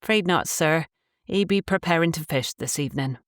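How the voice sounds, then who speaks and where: A woman's voice: sits low, normal speed, no room sound, studio quality, pitched above the performer's own voice, lightly acted. A woman voicing a guarded young Cornish village woman in an audiobook, giving short, subdued replies in dialect.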